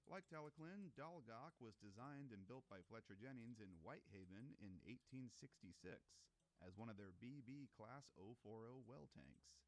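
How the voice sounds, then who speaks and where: A man reading scripted narration in an informative, measured way. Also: mid-range voice, expressive.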